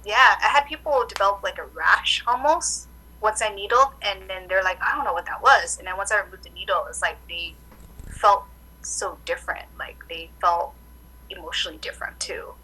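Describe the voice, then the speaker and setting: A woman acupuncturist chatting casually in an interview, telling animated stories full of "like" fillers. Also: medium pitch, normal speed, rough recording. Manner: animated storytelling, many "like" fillers. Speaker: acupuncturist guest.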